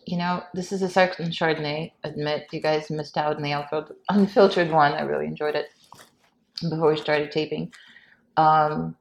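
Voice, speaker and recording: Brief: female host, very low voice, measured and reflective. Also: fairly even intonation, vocal fry. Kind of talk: interview conversation.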